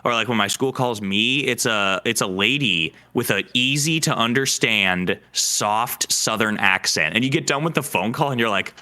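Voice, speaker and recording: A man's voice: medium pitch, moderate pace, hardly any pauses, bright, forceful tone. A young man co-hosting a podcast in easygoing casual chat, laughing often. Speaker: podcast co-host.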